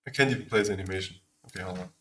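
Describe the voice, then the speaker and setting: A man's voice: sits low, racing, bright, forceful tone. A man from Austria with an Austrian German accent whose first language is German. He chats casually on a livestream while building a game, talking in a distracted way as he works. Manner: distracted, talks while working. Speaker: streamer making a game.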